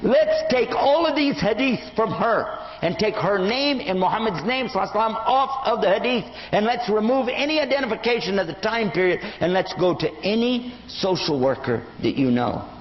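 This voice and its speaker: The older preacher's voice sits high and runs a little fast with hardly any pauses as he gives an Islamic lecture. He tells stories with animation, acting out the voices of their characters, in an echoey hall captured in dull lo-fi sound.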